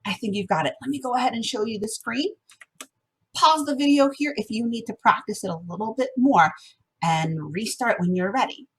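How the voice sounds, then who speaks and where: Woman, music teacher, online lesson for first graders, encouraging, fairly high voice, slightly breathy. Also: moderate pace. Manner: bright, encouraging, sings song examples.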